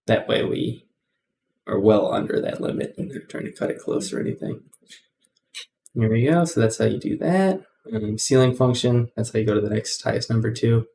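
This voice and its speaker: A man's voice: on the low side, normal speed, vocal fry, a little mellow, slight background noise. A man hosting a casual coding tutorial, rambling with many ums and self-corrections.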